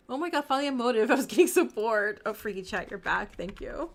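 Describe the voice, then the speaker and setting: A woman streamer reading a visual novel aloud and reacting excitedly, laughing and chatting to her viewers. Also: on the high side, fast, hardly any pauses.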